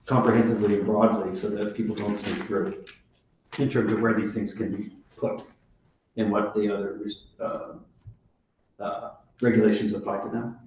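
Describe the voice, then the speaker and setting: A man speaking as a city alder at a committee meeting, talking in a deliberate, measured way with some restarts. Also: fairly low pitch, darkish tone, a little hiss or hum. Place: council chamber. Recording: echoey council chamber, dull sound.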